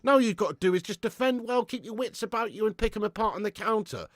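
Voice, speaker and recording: Animated, foul-mouthed football fan host. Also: male voice, sits high, quick pace, no echo, clean studio sound. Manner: animated, swears freely, swings from excited play calls to weary sighs; casual and matey, thanks viewers by name. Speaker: fan channel host doing live match watch-along. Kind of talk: live watch-along commentary and chat.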